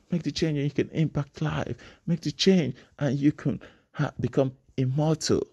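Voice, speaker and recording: A man's voice: mid-range voice, gravelly, mellow, husky. A man giving a preachy motivational speech, repeating phrases and building to emphatic bursts. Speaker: motivational speaker.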